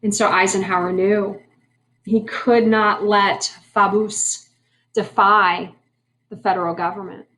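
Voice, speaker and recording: A woman teaches a history lesson conversationally, asking the class questions and dropping wry asides. Her voice is medium-pitched, fairly bright, and level in tone, with a measured pace.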